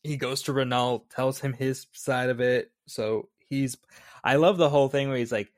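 Mid-pitched guy chatting easy and teasing on a movie podcast, dry close mic. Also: fairly even intonation, moderate pace, no echo. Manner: easygoing, teasing, fillers. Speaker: podcast co-host. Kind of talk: casual movie discussion.

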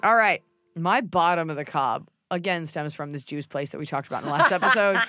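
A woman's voice: low voice, lively intonation, fairly quick, sharp tone, soft background music. A woman hosting a podcast in casual chat, blunt and opinionated, swearing freely and mimicking people in silly voices. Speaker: podcast host.

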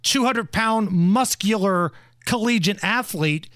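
A man's voice: high voice, slow, a bit bright, no room sound. A man hosting a podcast, talking in a blunt, crude and mocking way. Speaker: podcast host. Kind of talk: casual opinion talk.

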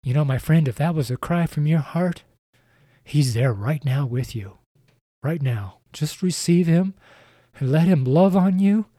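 Earnest mellow-voiced man preaching. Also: on the high side, expressive, unhurried, dry recording, clean studio sound. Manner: earnest, repetitive, direct address to listener. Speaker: podcast preacher. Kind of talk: evangelistic podcast sermon.

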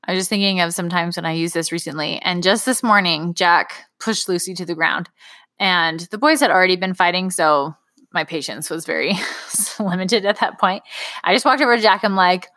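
A woman's voice: fairly low pitch, normal speed, pushed and bright, no echo, studio quality. A woman co-hosting a parenting podcast, chatting casually about her kids. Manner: chatty, laughs between remarks. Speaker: podcast co-host and mother. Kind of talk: casual conversational chat.

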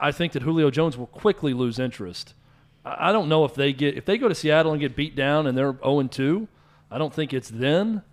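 A man co-hosting a sports talk show, opinionated and often restarting his sentences. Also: fairly high pitch.

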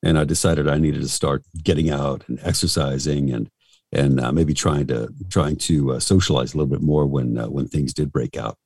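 A man's voice: rumbling low, fairly even intonation, moderate pace, darkish tone, no echo, studio quality. A middle-aged male voice actor talking casually and frankly in an interview, rambling and self-deprecating.

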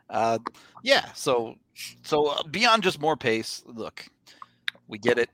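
A man's voice: mid-range voice, very animated, slow pace, long pauses, pushed and bright, no room sound. A man hosting a sports podcast in casual chat, laid-back and wry, steering the conversation. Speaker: podcast host.

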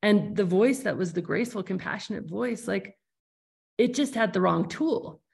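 A woman's voice: mid-range voice, lively intonation, normal speed, gravelly, darkish tone. A woman hosting a podcast interview, talking in a thoughtful, searching way with frequent restarts. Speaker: podcast host. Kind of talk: reflective conversational interview.

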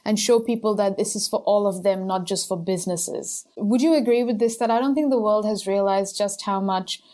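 A woman's voice: mid-range voice, moderate pace, warm tone. A woman host asking earnest, affirming questions in an interview.

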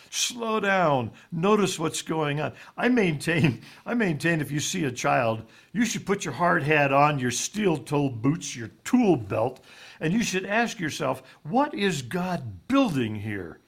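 Folksy male guest storyteller, earnest, a bit higher-pitched voice. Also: vocal fry, fairly bright tone. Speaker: guest speaker. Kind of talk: storytelling on a talk show.

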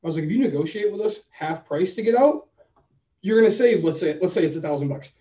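A man co-hosting a podcast, telling a story in a casual, animated way and acting out both sides of the conversation. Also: high-pitched, fast. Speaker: podcast co-host. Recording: roomy, distant, dull sound.

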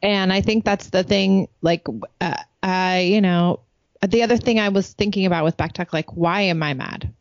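A woman's voice: mid-range voice, steady tone, normal speed, no echo. A woman co-hosting a parenting podcast in casual chat, a chatty storyteller who acts out the quotes she tells. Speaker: podcast co-host. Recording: dull, dry podcast audio.

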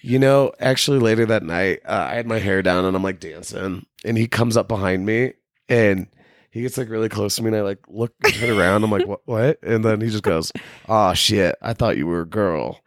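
A man's voice: on the low side, a little fast, no echo, clean studio sound. A young man co-hosting a podcast, chiming in casually and chuckling as he tells stories. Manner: laid-back, chuckling, chimes in. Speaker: podcast co-host. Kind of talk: casual storytelling chat.

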